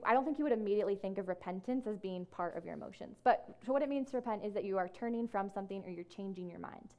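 Casual woman giving a church talk. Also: mid-range voice. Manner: casual and conversational, many fillers like "like" and "um"; slows down to read scripture. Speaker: ministry staff speaker. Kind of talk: talk to a group. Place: room with an audience.

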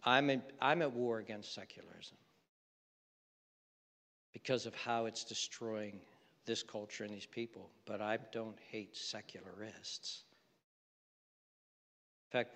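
A man preaching a sermon, swinging from loud mocking outbursts to soft, earnest appeals. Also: on the low side, a little slow, vocal fry, long pauses, big-room sound. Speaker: pastor.

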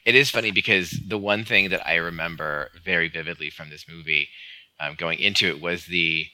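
Deep-voiced man, very bright edge, rambling amused podcast co-host, dry close mic. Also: steady tone, brisk, no room sound, rough recording. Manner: rambling, many fillers, amused. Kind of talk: casual film discussion.

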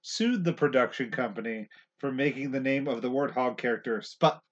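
A man's voice: medium pitch, normal speed, muffled recording. A man co-hosting a casual movie podcast, chatting and laughing often. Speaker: podcast co-host.

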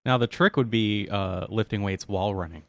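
A man in casual chat, cracking dry, deadpan jokes. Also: lowish voice, a little fast, no room sound.

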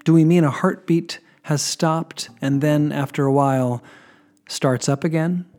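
A man preaching a sermon in a relaxed, conversational storytelling way, reflective and questioning. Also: fairly high pitch, a little slow, soft background music.

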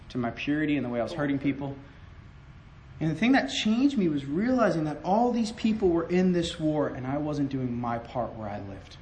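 A young man giving an impassioned sermon testimony, stammering over restarts and swinging from loud outbursts to hushed confession. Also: medium pitch, slight background noise, rough recording. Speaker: preacher.

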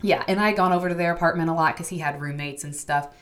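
A low-pitched woman in her twenties chats casually as a podcast co-host. She tells her stories animatedly and slips into the voices of the people she quotes. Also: quick pace. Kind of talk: casual storytelling chat.

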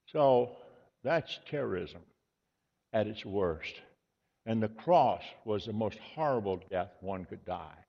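A male pastor with a low, gravelly voice delivers an earnest, measured sermon and leans on repetition to drive his points home. The recording is dull and lo-fi, with a long reverb tail from a large church hall. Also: animated.

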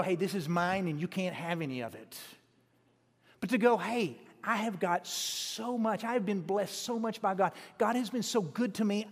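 High-voiced preacher in a reverberant hall. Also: male voice. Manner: folksy, animated storytelling with many restarts. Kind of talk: storytelling sermon. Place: church sanctuary.

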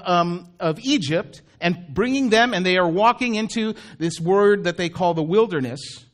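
A man's voice: high voice, a bit bright. A man preaching a sermon as a pastor, telling the story in a loose, conversational way with asides to the congregation.

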